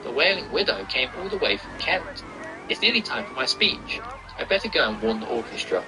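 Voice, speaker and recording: A man voicing a proud, touchy old gentleman ghost with a stiff, formal manner. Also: medium pitch, big pitch swings, brisk, music in the background, natural voice, poor audio.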